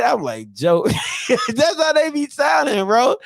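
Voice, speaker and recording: Animated man in his thirties ranting. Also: extremely high pitch, moderate pace, gravelly. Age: 30s. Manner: animated ranting, mocking old-timers in loud put-on voices. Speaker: show host. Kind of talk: casual sports chat to camera.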